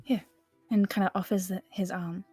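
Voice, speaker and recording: A woman playing a tabletop role-playing game, speaking in short, low-key turns. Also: fairly even intonation, moderate pace, a little mellow, slightly rough, no echo, faint music behind. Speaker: player.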